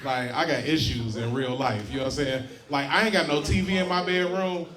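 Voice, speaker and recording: A man with a slightly high voice works a comedy club crowd with brash, profane jokes, laughing along at his own lines. The stage mic catches a roomy, echoing space. Loud audience laughter fills the room around him. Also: fairly quick. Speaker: stand-up comedian. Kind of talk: stand-up comedy set.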